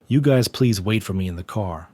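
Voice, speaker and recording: A cocky young hero fighter, calm and teasing in a story recap, read by a man in his own low voice. The tone stays level, with almost nothing acted. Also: normal speed. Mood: confident.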